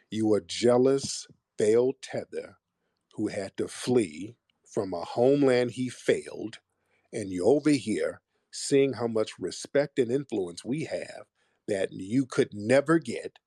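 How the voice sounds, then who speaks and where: Low, husky-voiced combative male host. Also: dark tone, dry recording, studio quality. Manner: combative, trades insults and mockery with callers. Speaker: host of a live audio call-in show. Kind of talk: casual call-in chat.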